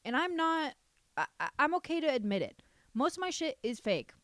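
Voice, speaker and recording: A woman in her twenties hosting a casual solo podcast, talking in a sassy, animated way and swearing freely. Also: high-pitched, normal speed, no echo. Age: 20s. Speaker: podcast host.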